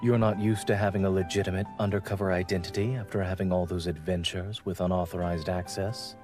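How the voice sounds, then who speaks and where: A man voicing a calm, reserved young male doctor in game dialogue, with dry, measured delivery. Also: deep voice, close to an everyday voice. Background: game music.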